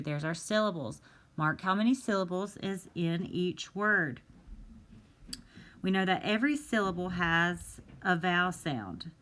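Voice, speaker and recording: A woman teaches a recorded phonics lesson, reading each word slowly and with care. Her voice sits fairly low, and she talks at an unhurried, deliberate pace, as if to young children. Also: a bit bright, a little hiss or hum. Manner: slow, careful, drawn-out word reading. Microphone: tablet microphone.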